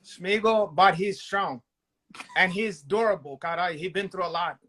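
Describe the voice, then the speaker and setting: A man's voice: sits high, a little slow, pushed and bright. A man with a Brazilian Portuguese accent co-hosting a podcast, bantering in broken English with crude jokes and Portuguese interjections. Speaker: podcast co-host.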